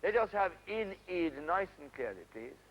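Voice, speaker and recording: A man directing actors at an outdoor play rehearsal, stopping them briskly to correct their delivery and staging. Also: high voice, sing-song, a bit bright. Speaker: drama teacher directing a rehearsal. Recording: dull, faintly noisy 1970s archive recording.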